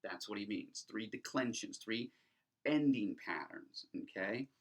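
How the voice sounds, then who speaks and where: A middle-aged man lectures casually on Greek grammar, his voice low and a little husky. He talks in a loose, conversational way, often stopping to restart a sentence or fill a pause with "um." The delivery feels like an informal class. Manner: chatty, restarts sentences often, many ums.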